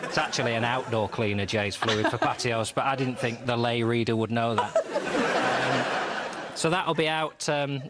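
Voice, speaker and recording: A man on a comedy panel show, reading out a spoof novel in a deadpan, playful way. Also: mid-range voice, unhurried, very noisy. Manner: deadpan, playful, breaks into laughter. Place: TV studio with live audience.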